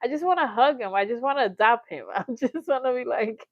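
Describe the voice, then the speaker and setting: A woman's voice: fairly high pitch, a little fast, few pauses, no echo. Chatty woman livestream host, lo-fi. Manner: chatty and animated, laughs often, acts out quotes. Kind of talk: casual livestream chat, reading viewer comments. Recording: dull lo-fi sound, dry.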